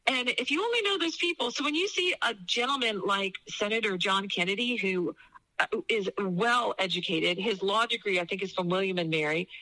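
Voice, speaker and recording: A woman's voice: mid-range voice, moderate pace, pushed and bright, rough recording. A middle-aged woman from New York, a guest on a political talk show, speaking in an emphatic, opinionated way.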